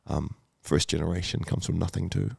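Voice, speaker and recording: Gravelly low-voiced man in his thirties. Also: steady tone, fairly quick, darkish tone, no echo, clean studio sound. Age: 30s. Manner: emotional, swears often, many fillers and restarts. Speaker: podcast guest. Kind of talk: candid conversational storytelling.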